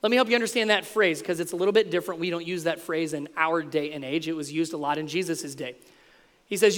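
A man in his thirties preaching a sermon, lively and playful, acting out the voices in the stories he tells. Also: high voice, fast talker, big-room sound. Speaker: pastor.

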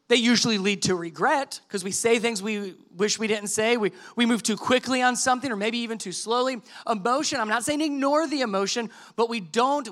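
Bright, high-voiced preaching man. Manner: conversational, animated preaching with quoted dialogue. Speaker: pastor. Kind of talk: sermon.

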